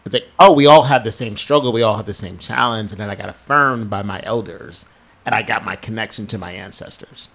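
Deep, gravelly man in calm conversation. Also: fairly quick. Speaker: conversation partner. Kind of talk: casual conversation.

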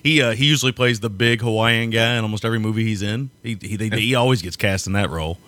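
A man co-hosting a casual podcast chat, laughing often and talking in halting restarts. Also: lowish voice, fairly bright tone. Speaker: podcast co-host.

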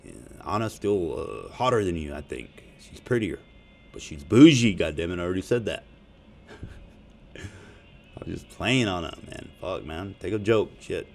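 A man's voice: low voice, very animated, unhurried, gravelly. A man rambling profanely and jokingly in a casual monologue to his audience. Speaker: vlogger.

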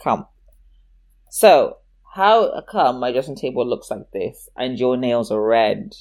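Woman, casual storytelling, animated, acts out voices, laughs a lot. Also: extremely low pitch, takes it slowly.

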